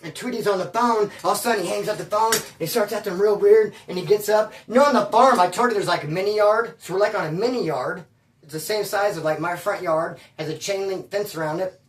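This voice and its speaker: An animated man tells a story in loose slang, tossing in "bro" and "dude" and tripping over restarts as he gets worked up. His voice sits a little back from the mic, in a roomy space with noticeable echo. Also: high voice, quick pace, far from the mic. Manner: stammers and restarts when worked up. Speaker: storyteller recounting prison life. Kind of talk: casual storytelling.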